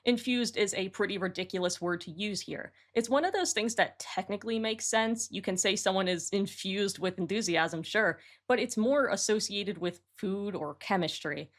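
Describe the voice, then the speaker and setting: A woman's voice: medium pitch, normal speed, hardly any pauses. A woman hosting her own channel, giving matter-of-fact, analytical commentary as she reworks song lyrics. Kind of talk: explanatory commentary to camera.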